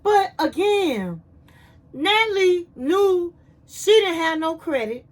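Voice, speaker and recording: Sassy high-voiced woman from Chicago. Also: big pitch swings, takes it slowly. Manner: sassy, blunt, acts out the cast's lines. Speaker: reality TV recap vlogger. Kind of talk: casual recap commentary.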